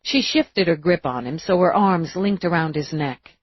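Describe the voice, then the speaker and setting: A woman reading an audiobook in a steady, measured way, in a dull, dry recording. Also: lowish voice, slightly rough, dry recording. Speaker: audiobook narrator. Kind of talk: audiobook narration.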